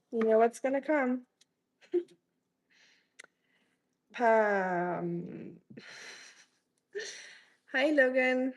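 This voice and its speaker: A woman's voice: a little high, slow pace, pauses often, slight background noise, low-quality recording. Chatty woman streamer cooking in kitchen. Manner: chatty, greets viewers by name, teasing jokes. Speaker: live streamer. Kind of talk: casual live-stream chat while cooking. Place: home kitchen.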